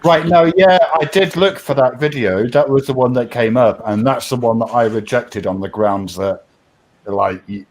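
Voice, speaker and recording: New Hampshire guy hosting a loose online hangout, chatty and quick to laugh at himself. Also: mid-range voice, rough recording. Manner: rambling, self-deprecating, laughs often. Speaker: stream host. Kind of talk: casual chat.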